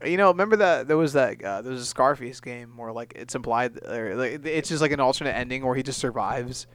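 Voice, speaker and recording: A man's voice: mid-range voice, a bit bright, smooth. A young man co-hosting a casual podcast, rambling through jokes and stories. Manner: rambling, joking, puts on quick voices. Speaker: podcast co-host. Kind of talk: casual chat.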